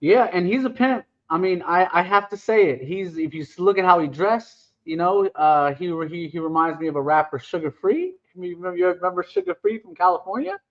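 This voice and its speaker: A man's voice: sits high, expressive, a little fast, hardly any pauses. A man telling rambling, joking stories in a casual podcast chat, with many restarts. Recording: dull lo-fi sound.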